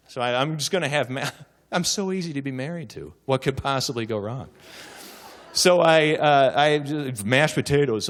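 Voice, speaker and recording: A man giving a humorous keynote, telling stories with animated comic timing and acted voices before a live audience. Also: mid-range voice, a little fast. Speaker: keynote speaker.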